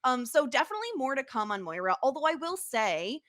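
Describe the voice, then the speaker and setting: A woman's voice: high-pitched, very animated, brisk, fairly bright tone, dry recording, studio quality. A woman co-hosting a podcast in casual chat, talking loosely with many fillers and easy laughter. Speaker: podcast co-host.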